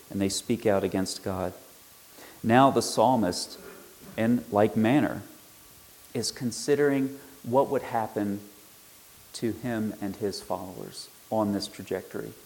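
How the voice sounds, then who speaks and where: Low-voiced man teaching Bible verses. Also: slow pace, a little mellow, poor audio. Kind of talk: explanatory Bible lecture.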